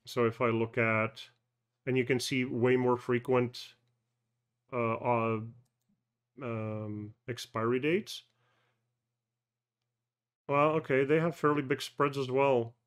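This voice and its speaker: A man hosting a personal finance channel, thinking aloud through a casual live screen-share walkthrough, halting with fillers and self-corrections. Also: medium pitch, steady tone, clear, resonant tone. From Canada.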